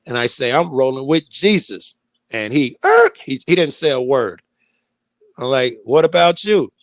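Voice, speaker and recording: A man's voice: mid-range voice, huge pitch swings, measured pace, no echo. A man telling a long personal story in casual talk, rambling and profane, full of fillers and restarts.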